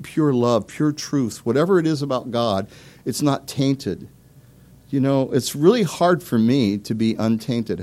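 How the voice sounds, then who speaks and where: A pastor with a mid-range, darkish voice preaches conversationally, tossing in asides and small laughs and asking his listeners direct questions.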